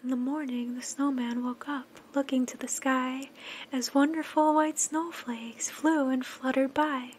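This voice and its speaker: A woman gently narrating and singing a children's story in a soft, sing-song voice that often drops to a whisper. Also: high-pitched, steady tone, measured pace, slight background noise.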